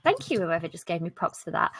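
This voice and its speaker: Brash, lively British woman on a video call. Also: fairly high pitch, slightly rough, dry recording. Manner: brash, lively and jokey, with mild swearing. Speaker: live stream host. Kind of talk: casual live stream chat.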